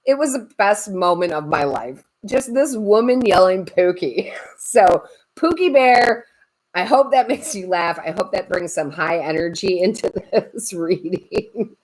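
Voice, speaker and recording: Chatty, laughing woman with a low voice. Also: unhurried, rough recording. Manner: chatty, animated, laughs a lot while talking. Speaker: tarot reader and medium. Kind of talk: live-stream storytelling and tarot reading.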